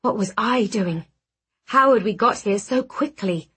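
A woman reading a first-person romance novel aloud, with soft, intimate narration and acted dialogue. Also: medium pitch, animated, measured pace, slightly rough. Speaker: audiobook narrator.

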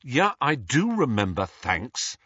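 A man's voice: mid-range voice, wildly swooping pitch, measured pace, a bit bright, slightly rough, no room sound, dull audio, pitched above the performer's own voice, full character voice. A man voicing a tense teenage wizard boy in pain who talks in a strained mutter.

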